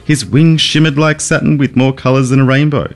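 A man reading a children's picture book aloud, animated and chuckling often. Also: medium pitch, fairly quick. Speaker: guest story reader.

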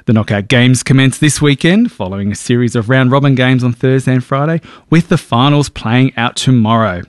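A man with an Australian accent reading a radio news bulletin in a steady newsreader cadence, recorded in a radio studio. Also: mid-range voice, brisk, no echo. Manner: lively, even newsreading cadence.

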